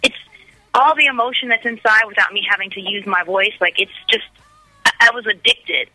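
Bright, bubbly American woman musician. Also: medium pitch, fairly quick, no room sound, low-quality recording. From United States. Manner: enthusiastic, gushing, many restarts. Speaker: musician guest. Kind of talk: casual radio interview chat.

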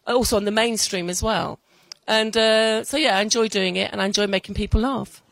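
A woman's voice: mid-range voice, fairly quick, creaky, fairly bright tone, no echo, poor audio. Chatty middle-aged woman comedian, dry sound. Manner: chatty, laughs often. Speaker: stand-up comedian. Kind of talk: casual interview. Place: outdoor festival.

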